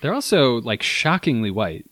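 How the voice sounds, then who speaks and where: A man's voice: medium pitch, sing-song, moderate pace, fairly bright tone, no echo. Man, podcast co-host, casual chat, rambling, candid, dry room.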